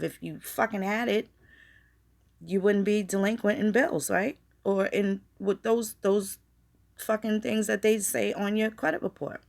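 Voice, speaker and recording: A woman's voice: medium pitch, unhurried, creaky. A woman vlogger in a casual live-stream rant, talking straight to her viewers in a blunt, profane, fired-up way. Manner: addresses viewers directly.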